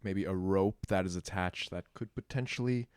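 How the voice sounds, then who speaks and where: A man with a low voice describes a scene in a tabletop game, pausing often and filling gaps with ums. The sound is close and dry. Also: a little mellow, clean tone, no echo. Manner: hesitant, slow descriptive narration with fillers. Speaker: player.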